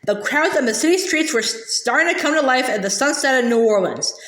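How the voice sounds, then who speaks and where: A woman's voice: high-pitched, animated, a little fast, fairly bright tone, slight background noise. A woman reading a children's novel aloud, narrating with the odd slip and restart. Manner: reads aloud with small slips and restarts. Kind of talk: storybook read-aloud. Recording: echoey room.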